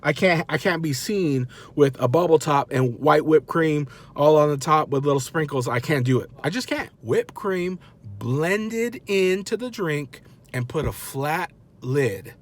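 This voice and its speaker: A man in his thirties telling a story in a casual, animated, self-mocking way and acting out the people he quotes. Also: a little high, measured pace. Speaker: vlogger dad.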